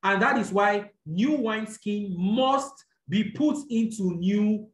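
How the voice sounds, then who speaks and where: A preacher in the middle of a teaching sermon, walking through scripture point by point. The voice sits at a mid pitch and keeps asking "all right?" as it goes, fixing small slips along the way. The recording rings with a noticeable room echo. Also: slow pace. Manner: explanatory, checks in with "all right?", corrects own slips. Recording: echoey room.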